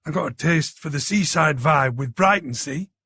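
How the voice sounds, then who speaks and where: A man's voice: fairly high pitch, normal speed, bright, forceful tone, slightly rough, no room sound, exaggerated voice. A man reading an audiobook plays a cheeky young man from the city who teases his friend about computers. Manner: cocky, bantering. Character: cheeky young London tech-savvy man.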